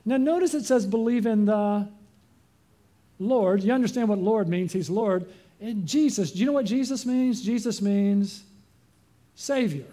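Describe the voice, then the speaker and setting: A man's voice: sits high, measured pace, dark tone. A male pastor delivering a sermon, asking the congregation rhetorical questions.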